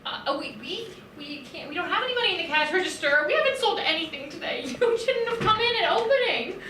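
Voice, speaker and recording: A woman's voice: extremely high pitch, lively intonation, fast talker, sharp tone, slight background noise. Giggly woman improvising comic scenes. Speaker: improv performer. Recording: echoey room, distant mic, crowd behind.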